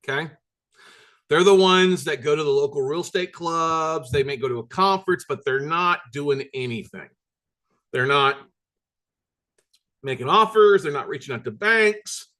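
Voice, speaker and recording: A man's voice: on the high side, sharp tone. Blunt emphatic man teaching a workshop. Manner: emphatic, repetitive, blunt with mild swearing. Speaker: workshop host and note-buying coach. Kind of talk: recorded workshop lecture.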